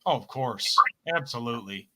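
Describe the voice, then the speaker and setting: A man's voice: medium pitch, normal speed, pushed and bright, slight background noise. A man hosting a live stream, chatting casually and laughing often. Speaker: host.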